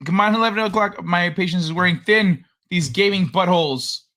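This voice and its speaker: A man's voice: high voice, brisk, sharp tone. A man hosting a casual livestream, rambling and joking as he greets viewers by name. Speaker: livestream host.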